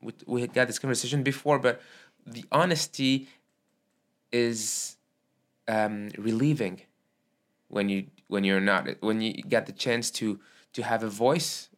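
Halting man. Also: mid-range voice. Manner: halting, searching for words. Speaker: podcast host. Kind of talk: casual interview chat.

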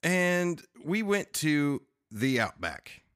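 A man's voice: on the high side, big pitch swings, slow, a bit bright, clear, resonant tone. A man co-hosting a podcast, telling a story in casual chat and acting out the voices of people he quotes. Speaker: podcast co-host.

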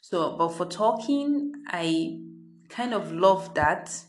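A woman's voice: on the low side, lively intonation, slow, soft background music. A Nigerian woman hosting her own podcast, talking in a chatty, freewheeling, unedited monologue from her parents' home. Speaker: podcast host.

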